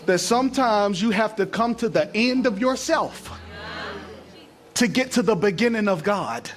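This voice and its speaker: A middle-aged male pastor preaching a sermon to a church congregation, using call-and-response and building up to shouting. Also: high voice, lively intonation, a little slow, faint music behind. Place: church sanctuary.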